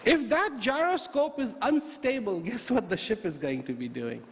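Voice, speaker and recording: A man delivers a motivational talk in an emphatic, storytelling manner, full of rhetorical questions. His voice is high and swings widely in pitch. He is recorded in a reverberant hall with faint ambience behind him. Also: lively intonation, normal speed, slight background noise. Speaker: motivational speaker.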